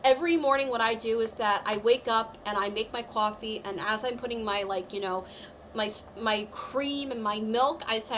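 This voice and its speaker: A woman's voice: fairly high pitch, moderate pace, fairly bright tone, a little hiss or hum, poor audio. A woman giving a live-streamed tarot reading in a chatty, reassuring way, full of "like" and "I feel like". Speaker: tarot reader.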